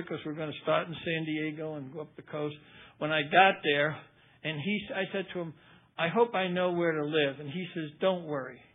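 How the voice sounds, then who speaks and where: A man's voice: fairly high pitch, a little hiss or hum. Older man telling his story over a tinny line. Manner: storytelling, folksy, acts out quoted voices. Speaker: recovery speaker. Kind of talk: personal testimony talk. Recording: tinny phone-like recording.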